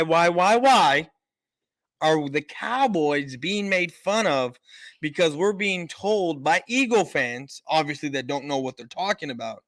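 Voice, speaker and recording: A man's voice: on the high side, a bit bright, no echo. A man hosting a live-stream sports show, ranting emphatically and repeating himself for effect. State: out of breath. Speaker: sports talk host.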